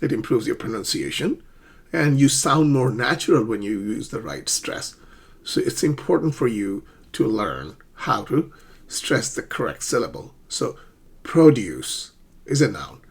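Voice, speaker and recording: A man teaching an English pronunciation lesson, speaking slowly and deliberately and exaggerating the stressed syllables. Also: mid-range voice, big pitch swings, creaky, slightly rough.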